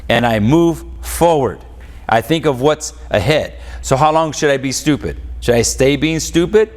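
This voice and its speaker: A man's voice: mid-range voice, normal speed. A man preaching a sermon as pastor, asking the congregation questions and having them answer back. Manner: call-and-response preaching, rhetorical questions. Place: church. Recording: long church reverb.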